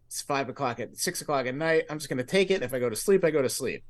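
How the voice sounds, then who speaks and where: A man's voice: fairly high pitch, lively intonation, brisk, hardly any pauses. A man on a podcast casually telling a rambling personal story, acting out his own past thoughts with lots of fillers. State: grieving. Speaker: podcast co-host.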